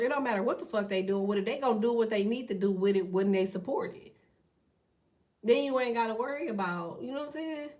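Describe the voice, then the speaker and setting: A woman hosting a tarot channel, talking in a blunt, profane, fast casual rant. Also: fairly high pitch, darkish tone, far from the mic. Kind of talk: casual ranting monologue.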